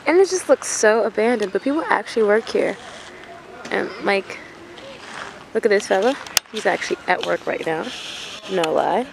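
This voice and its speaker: A woman vlogging outdoors in a city park, chatting casually in an animated, storytelling way. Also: mid-range voice, moderate pace, vocal fry, long pauses, background noise. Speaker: travel vlogger. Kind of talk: casual vlog chat.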